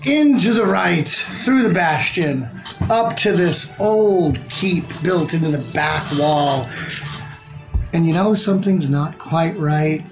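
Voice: medium pitch, poor audio. Game master narrating a tabletop scene. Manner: measured, slows down for scene-setting narration.

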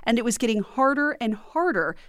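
A woman host reading a case summary in a steady, scripted way. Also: on the high side, a little fast, clear, resonant tone, no echo, clean studio sound. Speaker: podcast host. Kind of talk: scripted narration.

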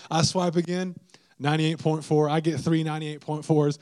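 Young male preacher, animated, self-mocking storyteller, slightly high voice. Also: moderate pace. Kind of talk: storytelling sermon.

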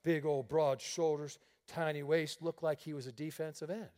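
A man pastor preaching a sermon through lively, laughing storytelling. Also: a little high, normal speed. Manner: animated storytelling with frequent laughter.

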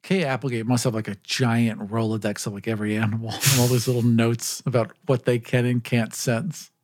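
A man's voice: medium pitch, little pitch movement, fairly quick, darkish tone, slight background noise. A man co-hosting a podcast, chatting casually and thinking aloud with curious questions. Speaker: podcast co-host.

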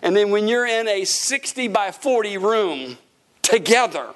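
A middle-aged man preaching a sermon, telling stories and acting out voices in a jokey, animated way. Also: high voice, a little slow. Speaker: pastor. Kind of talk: lively sermon with storytelling.

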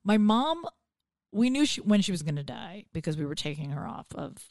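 A woman's voice: fairly low pitch, brisk, dry recording, clean studio sound. A woman comedian telling stories in a casual podcast chat, acting out the people she quotes. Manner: animated storytelling, acts out quotes. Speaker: comedian guest.

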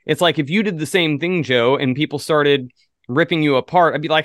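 A man appearing as a guest on a podcast, chatting in an animated, profane way. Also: on the high side, fairly quick, dry recording, studio quality. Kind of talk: casual podcast chat.

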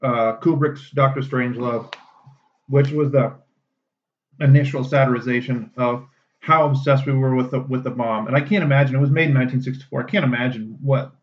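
A man's voice: mid-range voice, fairly even intonation, brisk. A man co-hosting a podcast in casual chat, rambling and swearing freely with many restarts. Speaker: podcast co-host. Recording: dull lo-fi sound.

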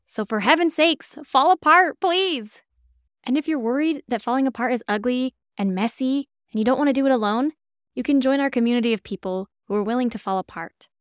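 A woman podcast host with a fairly high voice speaks reflective commentary to her listeners. She is heartfelt and gently urging. The recording is dry and close. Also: dry recording.

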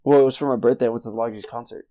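A man's voice: medium pitch, steady tone, very fast, dark tone. A young man casually co-hosting a podcast, telling a rambling story and swearing freely. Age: young adult. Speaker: podcast co-host. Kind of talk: casual chat.

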